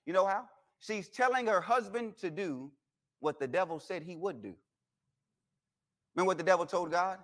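High-voiced man preaching a folksy sermon. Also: lively intonation, normal speed, a bit bright. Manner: folksy, humorous storytelling with quoted voices. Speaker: guest preacher. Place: church sanctuary.

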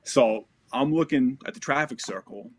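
Animated, profane male veteran storyteller. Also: medium pitch, normal speed, breathy edge. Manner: animated, profane, acts out quotes. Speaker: military veteran. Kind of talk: casual storytelling.

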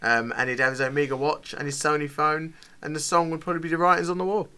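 Bright-voiced man chatting. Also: on the high side, level tone, fast, smooth. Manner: chatty, enthusiastic, laughs often. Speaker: podcast co-host. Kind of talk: casual chat.

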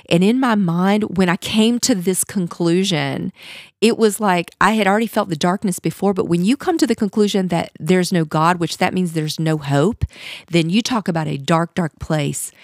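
A woman's voice: on the low side, moderate pace, no echo, studio quality. A middle-aged woman hosting a podcast, telling her personal faith testimony in an earnest, confessional way. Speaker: podcast host.

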